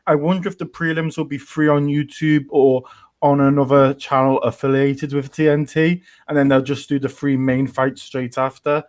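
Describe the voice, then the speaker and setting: A man's voice: mid-range voice, little pitch movement, moderate pace, darkish tone, dry recording. A man with a mid-range voice co-hosts a casual fight-sports podcast, talking through his choices in a careful, analytical way. His sound is close and dry. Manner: analytical, weighs options. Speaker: podcast co-host.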